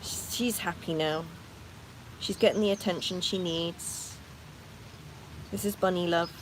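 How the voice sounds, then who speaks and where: Slow, gentle woman cooing to pets. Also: lowish voice, fairly even intonation, noisy background. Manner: soft and gentle, cooing to her rabbits between explanations. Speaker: rabbit owner and channel host. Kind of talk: casual vlog narration while tending pets.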